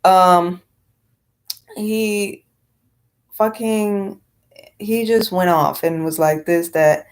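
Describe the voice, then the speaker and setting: A woman with a slightly low voice rants on her vlog in a blunt, unfiltered way. She swears freely and rambles with lots of fillers and restarts. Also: steady tone, drawn-out words, pauses often. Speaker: vlogger. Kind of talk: casual vlog rant.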